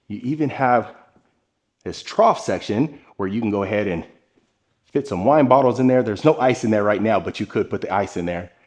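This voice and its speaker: A man's voice: fairly low pitch, a little mellow. A man hosting a walking home tour vlog, speaking to viewers with upbeat enthusiasm while filming.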